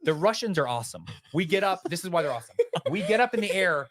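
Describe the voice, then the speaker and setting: A man telling a vivid story as a podcast guest, lively and animated. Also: sits high, fast, dry recording, studio quality. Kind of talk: storytelling in an interview.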